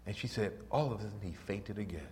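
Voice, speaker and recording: An older man preaching a sermon and telling stories, swinging from soft and low to high and loud when excited. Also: fast talker, slight background noise. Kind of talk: sermon with storytelling. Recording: reverberant church hall.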